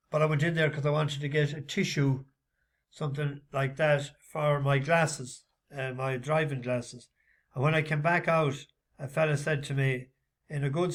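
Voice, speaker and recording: A man chatting casually in a vlog as a horse racing tipster, rambling with lots of halting fillers. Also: a little high, a bit bright.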